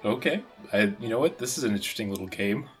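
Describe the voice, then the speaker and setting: Bright-voiced man joking as a game player. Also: lowish voice, animated, fast talker, soft background music. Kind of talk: casual in-character play.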